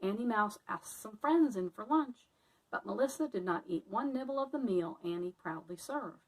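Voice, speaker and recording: A woman teacher reading a picture book aloud to children in a friendly, expressive way. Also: medium pitch, normal speed, recorded from a distance, poor audio.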